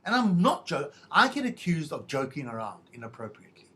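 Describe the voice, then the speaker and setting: A man's voice: fairly high pitch, sing-song, a little fast, a bit bright. A middle-aged man hosting a podcast, telling a rambling, self-mocking monologue in a wry, stop-start way. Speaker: podcast host.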